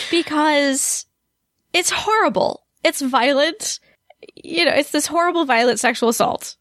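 A woman's voice: sits high, slow pace, pauses often, fairly bright tone, dry recording, studio quality. A woman co-hosting a podcast, talking thoughtfully and a little hesitantly about a TV episode. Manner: thoughtful, self-deprecating, slightly hesitant. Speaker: podcast co-host. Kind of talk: casual TV recap chat.

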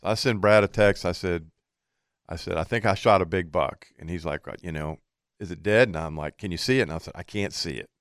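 Low smooth-voiced man spinning a hunting tale. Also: brisk, dry recording, studio quality. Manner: animated storyteller, quotes himself and others. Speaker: co-host telling a hunting story. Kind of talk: casual storytelling chat.

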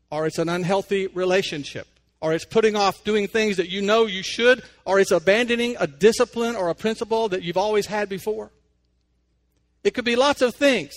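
A man hosting a radio devotional, telling stories and talking plainly about faith in a conversational way. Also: high voice. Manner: folksy storytelling, plain-spoken.

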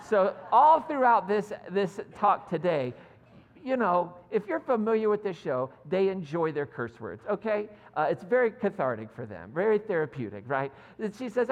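A male pastor delivering a sermon in animated storytelling mode, with self-deprecating asides. His pitch moves widely and expressively. The voice carries a long reverb from a church sanctuary. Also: normal speed, lo-fi sound.

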